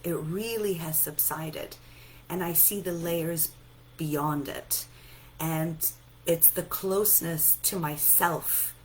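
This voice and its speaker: A sleepy woman giving a gentle self-help talk, softly repeating reassuring affirmations. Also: sits low, fairly even intonation, takes it slowly, slight background noise, rough recording. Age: adult, a mother. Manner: soft, repetitive, reassuring affirmations. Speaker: self-help and EFT speaker.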